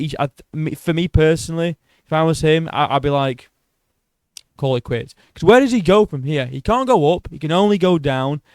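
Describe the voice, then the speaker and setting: A man's voice: fairly high pitch, darkish tone, no room sound. A man giving casual solo commentary on a fighter's career, blunt and sweary, often restarting his sentences. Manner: blunt, swears a lot, many restarts and self-corrections. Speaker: MMA commentator.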